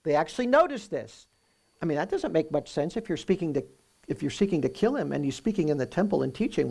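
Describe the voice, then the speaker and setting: A man preaching through a Bible passage in a conversational way, often checking in with "right?" and reading the verses slowly with emphasis. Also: on the high side, very animated, vocal fry, warm tone, slightly rough. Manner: reads scripture aloud slowly and with emphasis. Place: room with a live audience.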